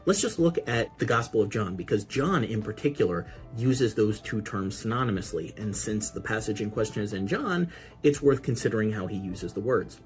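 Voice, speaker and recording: Low-voiced man explaining scripture casually. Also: moderate pace, faint music behind. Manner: relaxed, explanatory, with casual asides. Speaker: podcast host. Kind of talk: conversational Bible teaching.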